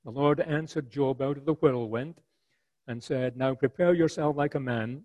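A man preaching an expository sermon, earnest and rhetorical, paraphrasing scripture in a lively voice. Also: mid-range voice, moderate pace, no room sound, muffled recording.

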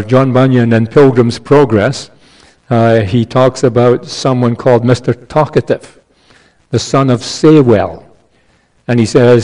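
A man preaching an expository sermon in a measured, emphatic way, with small restarts. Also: medium pitch, darkish tone, low-quality recording.

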